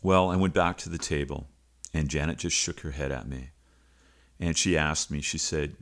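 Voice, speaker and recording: A man's voice: extremely low pitch, fairly even intonation, moderate pace, fairly bright tone. A middle-aged man, a teacher and coach, hosting a podcast and telling a personal story in an earnest, confessional way.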